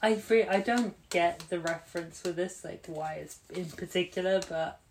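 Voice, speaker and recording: A woman's voice: lowish voice, normal speed, a little hiss or hum, rough recording. A woman co-hosting a podcast, chatting casually over a card game with dry, wry remarks. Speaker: podcast co-host.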